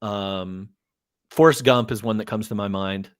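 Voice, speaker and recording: A man's voice: on the low side, measured pace, clean tone, no room sound, studio quality. Rambling, laughing man on a movie podcast. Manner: rambling, laughs often, trails off mid-sentence. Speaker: podcast co-host. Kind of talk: casual movie podcast chat.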